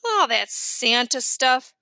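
Storybook kid: woman doing a small, eager, wily boy, high and sharp, shrill when excited. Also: slow pace, dry recording, heavily acted. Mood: sly.

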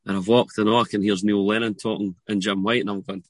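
A Scottish man chatting on a podcast, telling animated anecdotes. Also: lowish voice, quick pace, hardly any pauses, dry recording. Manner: animated storytelling with laughs. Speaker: podcast guest. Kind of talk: casual podcast chat.

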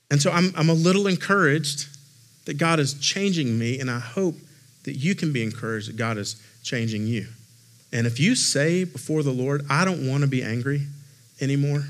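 Expressive man preaching a story-filled sermon. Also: a little high. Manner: expressive, conversational preaching with self-deprecating humor. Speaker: lead pastor.

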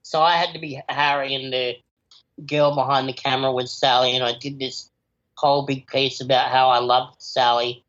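A man talks through his interview answers with eager, chatty energy, at a middling pitch for a man. The recording sounds a little dull and lo-fi, with the top end rolled off. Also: flat delivery, moderate pace, fairly bright tone. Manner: enthusiastic, chatty, with fillers like "you know". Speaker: actor, interview guest.

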